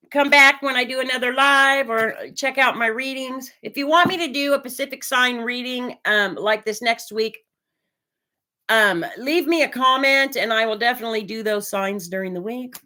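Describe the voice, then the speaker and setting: A woman's voice: fairly high pitch, normal speed, pushed and bright. A woman from Oregon chatting on a live stream while she gives a tarot reading, with lots of fillers and hesitations. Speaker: tarot reader.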